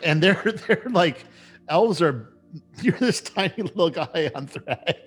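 A man running a tabletop game as game master, narrating with hesitant pauses and many fillers. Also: a little high, lively intonation, husky.

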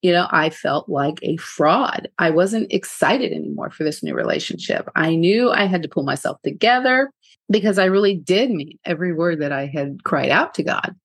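A woman hosting her own podcast, telling a personal story in a frank, animated way and laughing often. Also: sits low, normal speed, creaky, husky, dry recording. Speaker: podcast host.

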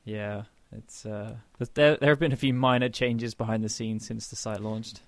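A man's voice: on the low side, steady tone, normal speed, no room sound. A man hosting a casual gaming podcast, chatty and rambling with frequent restarts. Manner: rambling, chatty, laughs often. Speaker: podcast host.

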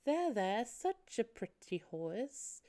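A woman doing a creepy little girl's voice, slow and hushed with a lilting singsong. The voice stays smooth and clean, soft rather than loud. It sounds like a storybook child who is quietly unsettling. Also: fairly high pitch, very animated. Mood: eerie, soothing.

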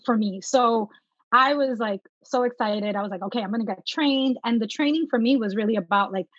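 A woman in her thirties telling her story as a guest in an interview, earnest and lively when she quotes herself. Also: fairly high pitch, no room sound, dull audio. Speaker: guest, tapping practitioner.

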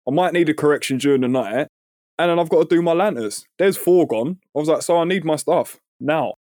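A man, telling a story on a podcast in a casual, animated way and swearing freely. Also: fairly high pitch, brisk, dry recording, studio quality. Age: 30s. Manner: animated, swears freely, acts out quoted voices. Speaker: podcast co-host.

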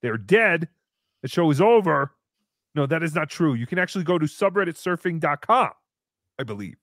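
A man hosting a casual live show, excitably chatting and reading out viewer messages. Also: fairly high pitch, moderate pace, no room sound, studio quality. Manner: excitable, reads out paid messages. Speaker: show host.

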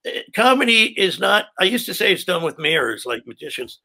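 An older male comedian spins profane, rambling backstage stories with a high, gravelly voice. His tone is bright and forceful, full of fry. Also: very animated, brisk. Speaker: stand-up comedian. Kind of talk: casual storytelling chat.

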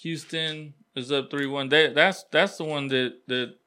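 A man's voice: a little high, steady tone, a little slow, pushed and bright, smooth. A man co-hosting a casual sports chat, talking loosely with slang and restarts. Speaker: podcast co-host.

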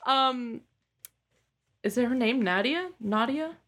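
A young woman bantering excitably and swearing freely while guessing quotes in a drinking game. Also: fairly high pitch, slow pace, a little hiss or hum.

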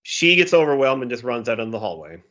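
A man's voice: mid-range voice, big pitch swings, fast, a bit bright. A man co-hosting a casual movie discussion, recapping scenes and quoting favorite lines playfully. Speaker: podcast co-host.

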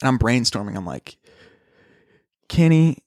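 A man's voice: medium pitch, normal speed, no room sound. A young man with a mid-range voice tells a story in loose, slangy chat. He swears freely and calls his listeners "dude" every few lines. The sound is dry and close. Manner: slangy, swears a lot, says "dude" often.

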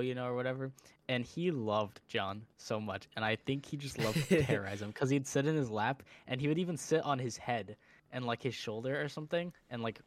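A man's voice: medium pitch, dry recording. A young man co-hosting a podcast, telling rambling stories and joking in slang. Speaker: podcast co-host. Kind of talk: casual chat.

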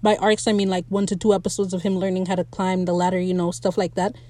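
A young woman hosting a casual, opinionated TV recap, blunt and animated and quick to laugh. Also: lowish voice. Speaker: podcast host recapping a TV episode.

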